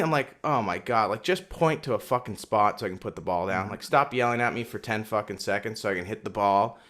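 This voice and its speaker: A young man co-hosting a podcast, telling a story in casual chat, swearing a lot and getting loud and worked up as he quotes himself. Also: lowish voice, brisk, few pauses. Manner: animated storyteller, swears constantly, gets loud and heated when quoting himself. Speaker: podcast co-host.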